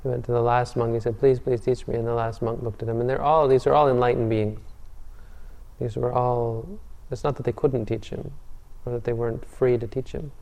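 Mellow-voiced man telling a teaching story. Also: mid-range voice, fairly even intonation, fairly quick, creaky. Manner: conversational, frequent restarts and fillers. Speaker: Buddhist teacher. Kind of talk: dharma talk storytelling.

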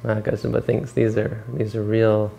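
Gravelly man telling a dharma story. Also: fairly low pitch, normal speed, a little hiss or hum. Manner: relaxed, rambling, self-correcting. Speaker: meditation teacher. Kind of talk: dharma talk retelling a story.

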